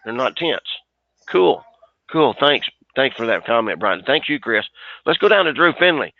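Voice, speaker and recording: A man's voice: medium pitch, very animated, moderate pace, no room sound. A man, a sales trainer, coaching a group on a webinar; he talks with energy, restarts often and acts out bits of dialogue. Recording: dry, tinny phone-like line.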